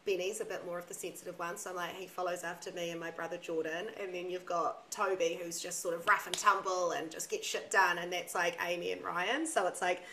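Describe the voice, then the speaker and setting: A young woman with a lowish voice talks frankly and emphatically, dropping swear words without a second thought. She chats casually on a podcast, with a faint hum of room ambience behind her. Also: fairly even intonation, fairly quick, hardly any pauses, a bit bright, rough recording. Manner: candid, swears freely, emphatic. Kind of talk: casual chat.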